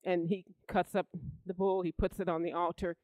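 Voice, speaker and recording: Preacher, sermon delivery, animated storyteller, mid-pitched, dry close sound. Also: normal speed, dry recording, rough recording. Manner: animated storytelling, rising loud for emphasis; repeats words and restarts.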